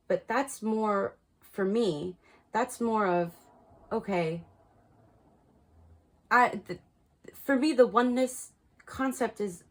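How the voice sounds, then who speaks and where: A woman giving a casual spiritual card reading, talking frankly and chattily and laughing at her own slips. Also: mid-range voice. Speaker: tarot card reader.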